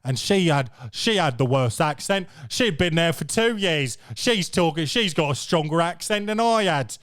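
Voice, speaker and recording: A man's voice: on the high side, expressive, moderate pace, hardly any pauses, fairly bright tone, no room sound, clean studio sound. A man hosting a podcast, telling crude, rambling stories in casual chat. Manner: rambling, profane storytelling, peppered with "bro". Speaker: podcast host.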